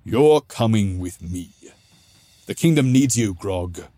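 Brief: narrator doing a forceful dwarf lawman, deep and measured. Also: animated, breathy edge, no echo, exaggerated voice. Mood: stern. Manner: forceful, commanding. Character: stern male dwarf lawkeeper, commanding.

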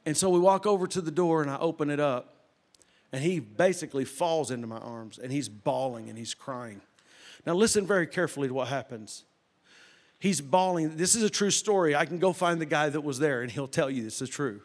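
Animated pastor preaching. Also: male voice, a little high, a little fast. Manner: animated, swings from loud bursts to hushed retelling. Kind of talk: sermon storytelling.

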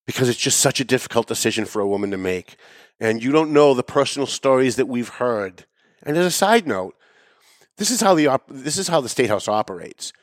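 A male show host delivering an opinionated political commentary monologue at an average pitch. His tone is sarcastic and emphatic, jumping up for pointed jabs and dropping into low muttered asides. The recording is close and dry. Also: no echo. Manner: swings between loud raised emphasis and low muttering.

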